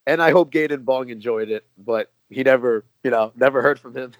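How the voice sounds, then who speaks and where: A man's voice: medium pitch, fairly quick, dry recording. A man with a New York American accent, guest on a casual podcast chat, laid-back and slangy, laughing often. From New York, USA. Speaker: guest fan.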